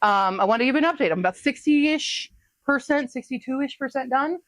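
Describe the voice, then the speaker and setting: A woman casually talking through her reading progress in a home vlog, chatty and quick to laugh. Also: sits high, lively intonation, no room sound. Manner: chatty, laughs often, talks to her pets. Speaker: book vlogger.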